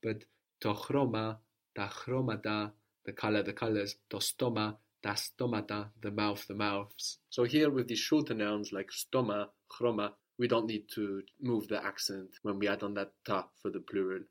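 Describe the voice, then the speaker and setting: Male language tutor with a lower voice; patient, question-and-answer teaching. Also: fairly even intonation, normal speed, few pauses. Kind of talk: language lesson.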